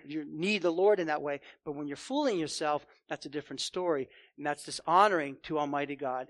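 A man's voice: high voice, fairly bright tone. A man preaching a sermon as a pastor, emphatic, with frequent rhetorical questions to his congregation.

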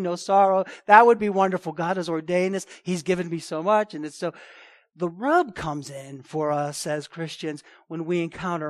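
A man preaching a sermon, emphatic, repeating key phrases and swinging between loud and hushed delivery. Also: high-pitched, no room sound, studio quality. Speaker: pastor.

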